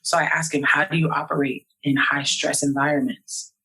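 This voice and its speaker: A woman's voice: low-pitched, flat delivery, moderate pace, bright, forceful tone, breathy edge, low-quality recording. A young woman from New York, a guest in a casual interview, talking animatedly and acting out quoted voices. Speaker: podcast guest.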